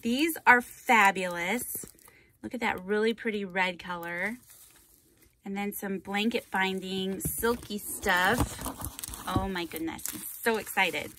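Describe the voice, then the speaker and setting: A woman's voice: medium pitch, takes it slowly, fairly bright tone, slight background noise. Gushing woman opening crafty mail. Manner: gushing, effusive, repeats thanks. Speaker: craft channel host. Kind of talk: casual mail-opening vlog.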